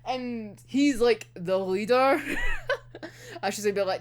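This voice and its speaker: A woman's voice: high-pitched, very animated, slow pace, pauses often. A young woman giving a casual episode recap as an anime reviewer, giggling often, swearing freely and acting out the characters' lines.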